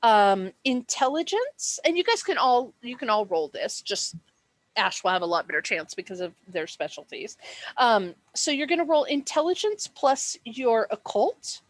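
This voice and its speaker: A woman's voice: on the high side, big pitch swings, moderate pace, dry recording. A woman acting as game master, explaining dice rules and describing the setting in a chatty way, with many fillers and self-corrections.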